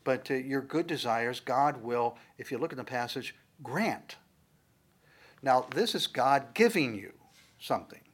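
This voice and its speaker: A man preaching from the Bible, his voice at an ordinary middle pitch for a man. He talks to the congregation in a loose, conversational way, then pushes certain words out with a louder, emphatic lift. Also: expressive, measured pace, breathy edge. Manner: conversational teaching, rising to emphatic loud stresses. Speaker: pastor. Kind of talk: sermon, Bible teaching.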